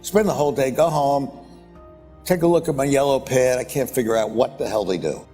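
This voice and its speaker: Older man, mellow voice, rambling blunt anecdote, long hall reverb, faint music. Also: brisk, breathy edge. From United States. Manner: rambling, blunt and profane, with repeated "boom, boom, boom". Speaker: investor speaking at a conference. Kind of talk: anecdotal storytelling. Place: conference stage.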